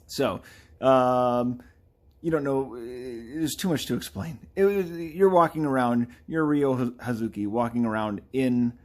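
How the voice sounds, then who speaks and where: Casual male artist streaming his drawing, chatty and lively, sometimes slips into character voices. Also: medium pitch. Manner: chatty, animated, playfully does game character voices. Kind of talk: casual chat while drawing.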